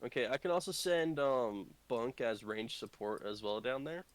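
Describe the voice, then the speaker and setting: Guy playing a tabletop game, thinks out loud, rambles a bit, mid voice. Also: mid-range voice, animated, normal speed. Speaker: player. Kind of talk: casual tabletop game chat.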